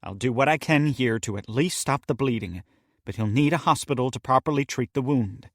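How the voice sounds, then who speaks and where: A man's voice: medium pitch, a little fast, no room sound, clean studio sound, natural voice. Male narrator as a guarded woman doctor, curt and businesslike. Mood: brisk. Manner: curt, practical. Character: wary, brisk woman doctor.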